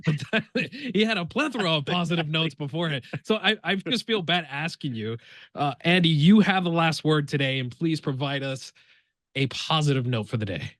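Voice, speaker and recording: A man's voice: on the high side, lively intonation, normal speed, fairly bright tone, no room sound. Jovial male interview host. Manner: jovial, playful. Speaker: show host. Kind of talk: interview hosting.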